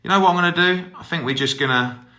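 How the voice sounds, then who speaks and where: A middle-aged sports promoter, a little out of breath, walks along speaking into his handheld phone to live-stream viewers, brash and upbeat with casual swearing. His voice is fairly high and sharp, and he talks quickly. The audio quality is poor.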